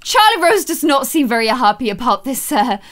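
A young Irish woman giving excited let's-play commentary, gasping and squealing often as she plays. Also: high-pitched, brisk. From Ireland. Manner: excitable, frequent gasps and squeals. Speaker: gaming YouTuber.

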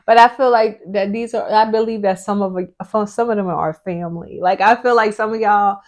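Here a woman in her thirties, a family vlogger who is pregnant, speaks briskly in a steady, medium-pitched tone. Chatting openly with her husband in a relaxed sit-down conversation, she leans on "like" constantly and is often short of breath.

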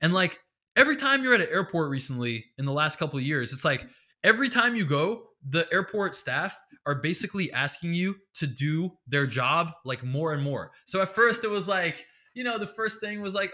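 A man with a fairly high, bright, forceful voice rants about everyday annoyances. He swears freely and rambles in an exasperated, comic way as the host of his own show. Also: big pitch swings, normal speed. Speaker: podcast host. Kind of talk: comedic solo rant.

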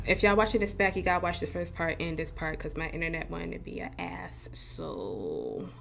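A woman's voice: on the low side, creaky, fairly bright tone, a little hiss or hum. Chatty swearing woman streaming a game. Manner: chatty, swears freely, laughs often. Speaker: gaming streamer. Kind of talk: casual live-stream chat. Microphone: desk mic with facecam.

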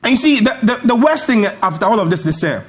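Man, Ghanaian accent, indignant political commentary, emphatic repetition, fairly high-pitched. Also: sing-song, quick pace. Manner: indignant, emphatic, repeats for stress. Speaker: host.

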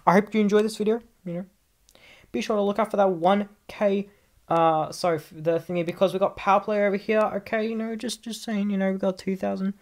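A man's voice: high-pitched, level tone, brisk, a little mellow. A man from Australia with an Australian accent, a gaming YouTuber doing casual commentary, ranting in an exasperated way, repeating himself and stumbling over words.

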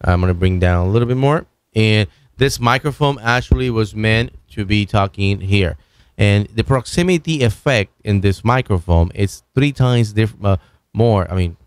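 A man's voice: lowish voice, clean tone, no echo. Man casually demoing a studio mic. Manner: loose, halting talk with many restarts while moving around the mic. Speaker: video host reviewing microphones. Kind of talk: casual product demonstration. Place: home studio desk. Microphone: broadcast microphone on an arm, at varying distance.

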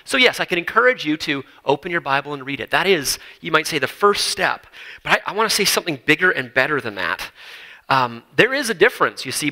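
A man's voice: high voice, bright, forceful tone, poor audio. A male pastor preaching a sermon in an earnest, emphatic way, building lists and asking rhetorical questions. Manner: repeats words and phrases for emphasis.

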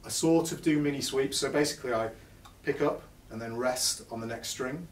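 At a moderate pace and medium pitch, a man jokes at his own expense while teaching guitar live to a music-store audience. The distant recording picks up shop echo and a little hiss or hum, with guitar played between phrases.

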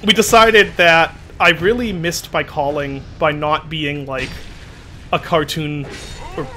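A man's voice: fairly high pitch, fairly even intonation, takes it slowly, pushed and bright, faint music behind. A man with an unusual, odd-sounding voice, chatting in a rambling, self-deprecating way while streaming a game and exclaiming at his mishaps. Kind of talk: casual chat while playing a game.

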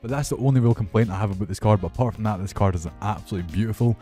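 A young man commentating his football video game with excitable, sweary banter. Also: lowish voice, racing, faint music behind. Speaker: gaming YouTuber. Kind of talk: casual gameplay commentary.

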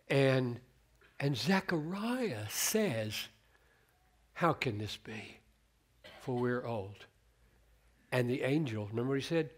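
A middle-aged man delivering a sermon at a slow, deliberate pace. He teaches earnestly from scripture, and his voice lifts and drops as he quotes verses with emphasis. His pitch sits in an ordinary middle range. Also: breathy edge. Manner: earnest and animated, quoting scripture with shifts in emphasis. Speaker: preacher.

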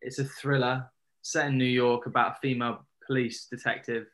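A man, an actor, chatting as a guest over a video call in a relaxed, rambling way with many fillers. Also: medium pitch, brisk. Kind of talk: casual interview chat.

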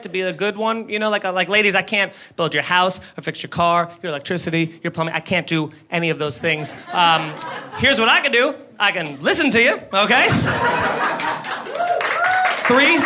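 A man doing an animated, self-deprecating stand-up comedy set on a comedy club stage, using a handheld mic. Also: high-pitched. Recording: live club with ambient crowd noise.

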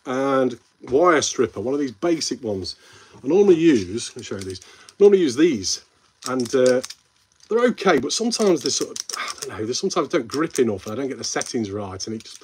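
Hosting a relaxed live stream, this Midlands-accented man has a medium-pitched, slightly mellow voice, with a little background noise present. He rambles, answers viewers' comments, and keeps the banter friendly, calling them mate.

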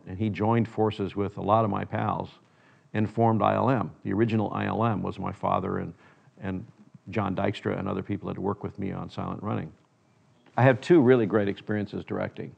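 A man's voice: low voice, gravelly, darkish tone, husky, muffled recording. An older man, a filmmaker, telling stories in a reflective interview, often quoting others in his anecdotes.

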